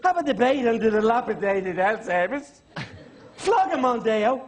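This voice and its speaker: A man's voice: very high-pitched, big pitch swings, normal speed, pitched above the performer's own voice. A man voicing a cocky male pop singer who talks as if slightly tipsy, laughing through his boasts. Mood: boastful. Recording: TV studio with audience.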